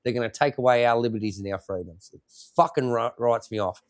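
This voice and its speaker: A man's voice: medium pitch, fast talker. A man with an Australian accent, a military veteran guest ranting angrily and swearing constantly. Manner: heated, swears constantly, repeats himself. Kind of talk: angry profane rant.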